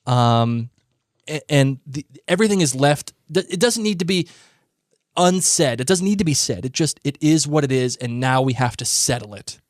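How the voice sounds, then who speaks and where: A man with a medium-pitched, lively voice co-hosts a podcast, eagerly recapping a TV episode at normal speed in a casual, teasing way. He keeps restarting his sentences. The recording is clean studio sound with no echo.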